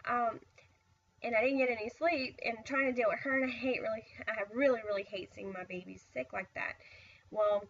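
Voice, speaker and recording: A woman's voice: fairly high pitch, a bit bright, recorded from a distance, highs cut off. A tired middle-aged woman telling a personal story in a casual, rambling way, full of "I was like" asides. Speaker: vlogger.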